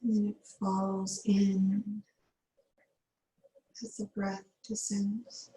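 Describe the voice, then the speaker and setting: A woman yoga teacher guiding a slow yin yoga meditation, giving soothing breath cues with long pauses. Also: mid-range voice, little pitch movement, warm tone, roomy sound, poor audio.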